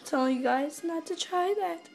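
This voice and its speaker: A woman vlogging casually from a home kitchen, excitable and dramatic, with squealing reactions. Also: very high voice, normal speed, creaky, roomy sound. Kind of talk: casual vlog chat.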